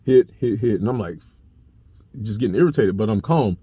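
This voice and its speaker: A young man vlogging, telling a personal story to camera in a blunt, profane, animated way. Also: on the low side, a little fast, slightly rough, no room sound, narrow, tinny audio. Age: young adult.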